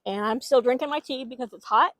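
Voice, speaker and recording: A woman's voice: fairly high pitch, quick pace, very noisy. A woman keeping backyard chickens, chatting casually and rambling while she talks to her hens outdoors on a microphone. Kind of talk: casual vlog chat.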